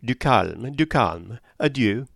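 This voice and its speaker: A man voicing an eccentric old male doctor who speaks in a calm, sententious, imperturbable way. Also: medium pitch, slow, gravelly, no echo, clean studio sound, heavily acted. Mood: calm probing.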